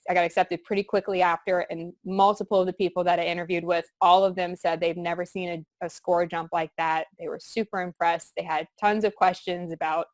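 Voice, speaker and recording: A woman's voice: on the low side, dry recording. Young woman, earnest, rambling, dry close sound. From southern Louisiana. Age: young adult. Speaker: student giving a testimonial. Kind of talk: candid testimonial chat.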